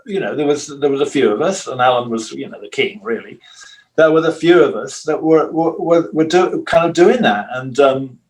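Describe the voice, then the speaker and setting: An older man with a fairly high voice tells his stories in an easy, meandering way. He slips into other people's voices when he quotes them, as a guest looking back on his career. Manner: rambling storyteller who acts out quoted voices. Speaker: guitarist guest. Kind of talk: relaxed anecdotal interview.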